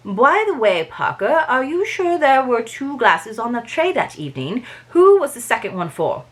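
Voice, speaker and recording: A woman's voice: fairly high pitch, very animated, moderate pace. A woman voicing a fussy little older male detective, trying a French accent in a precise, polite way. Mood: probing.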